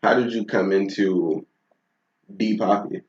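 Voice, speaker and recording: A man's voice: on the low side, a little slow, a little mellow, far from the mic. A man hosting a podcast, asking easygoing questions with short affirmations. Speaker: podcast host. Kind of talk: casual interview. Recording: roomy, dull lo-fi sound.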